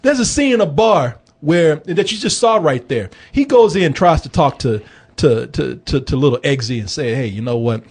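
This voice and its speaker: A man hosting a movie review podcast, talking in an animated, joking, profane casual chat. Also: fairly high pitch, moderate pace, husky.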